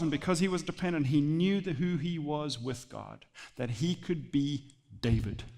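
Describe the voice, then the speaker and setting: A male pastor preaching a sermon in a church sanctuary, animated and repeating phrases for emphasis. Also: medium pitch, gravelly. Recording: long church hall reverb.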